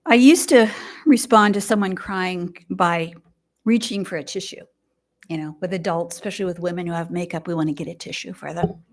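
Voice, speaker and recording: Older woman giving a gentle sermon. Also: mid-range voice. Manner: gentle, reflective, measured with pauses. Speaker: lay speaker. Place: fellowship hall, indoors.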